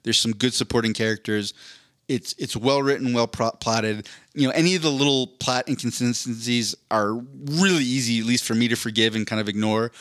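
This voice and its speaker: A man's voice: mid-range voice, fairly quick, fairly bright tone, dry recording, studio quality. Rambling, laughing man on a podcast. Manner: rambling, profane, laughs mid-sentence. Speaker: podcast co-host. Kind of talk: casual chat.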